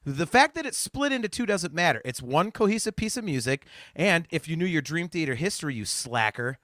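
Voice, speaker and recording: Animated, bright-voiced man hosting. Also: on the high side, fairly quick, dry recording, clean studio sound. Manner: animated, teasing and laughing. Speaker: podcast host. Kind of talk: casual chat.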